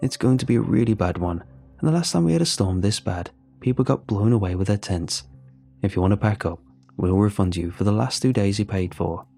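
A man doing a calm, friendly forest ranger. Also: fairly low pitch, brisk, creaky, soft background music. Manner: easygoing, reassuring.

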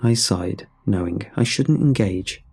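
A man narrating a scripted horror story in a measured, somber way. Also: fairly low pitch, vocal fry, darkish tone, husky, faint music behind.

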